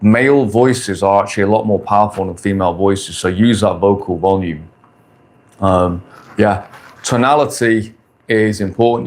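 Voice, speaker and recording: A man in his forties with a fairly low voice, talking bluntly and crudely on a casual live stream. He speaks with brash confidence and drives his points home by saying them again and again. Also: moderate pace. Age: 40s. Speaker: dating coach streamer. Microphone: phone or camera on a stand.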